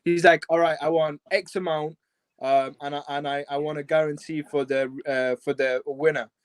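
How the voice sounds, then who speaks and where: A man with a broad Sheffield Yorkshire accent talks over his phone in the small hours. He sounds laid-back and a little self-deprecating. His voice sits fairly high for a man. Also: fairly even intonation, moderate pace, clean tone, no echo. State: up late at night. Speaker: guest. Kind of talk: casual chat.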